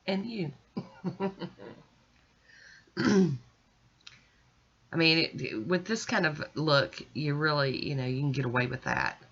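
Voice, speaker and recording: A woman's voice: low-pitched, sharp tone, muffled recording. A woman chatting casually as she narrates each step of her nail art, self-deprecating and easygoing. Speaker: nail art video creator.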